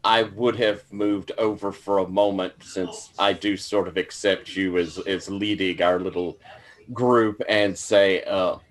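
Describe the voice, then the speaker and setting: A man's voice: low voice, steady tone, unhurried. A man taking part as a player in a tabletop role-playing game, describing what his character does in a hesitant, casual way.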